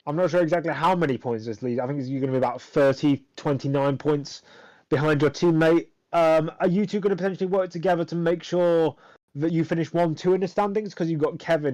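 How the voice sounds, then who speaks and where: A man's voice: a little high, darkish tone, no room sound, poor audio. A man doing live commentary and interviews for a sim racing league, dry and sarcastic, rambling with fillers.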